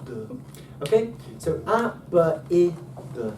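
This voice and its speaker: A patient man explaining pronunciation step by step, often pausing with um and starting his sentences over. He sits some way back from the microphone in a roomy space, with a faint hiss under his voice. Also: a little high, big pitch swings, darkish tone. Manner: patient, hesitant, many ums and restarts. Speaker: Ancient Greek tutor. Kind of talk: relaxed one-to-one teaching. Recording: roomy, far from mic, faint noise.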